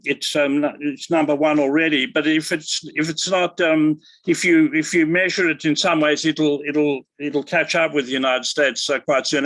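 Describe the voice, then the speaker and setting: Older man, halting scholarly talk. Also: a little high, fairly bright tone, no echo, low-quality recording. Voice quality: halting, many restarts and fillers. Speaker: guest academic. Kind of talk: conversational interview answer.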